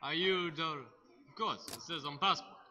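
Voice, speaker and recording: A young man with an Australian accent narrating a video game in loud, rowdy bursts, cursing as he goes. His voice sits high and comes across sharp and piercingly bright. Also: a little slow, a little hiss or hum. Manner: loud, excitable, swears a lot. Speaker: gaming YouTuber. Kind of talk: let's play commentary.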